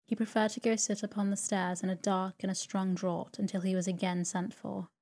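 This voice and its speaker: A woman narrating a classic novel as a sleep story, in a slow, even and soothing manner. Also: mid-range voice. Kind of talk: calm sleep story reading.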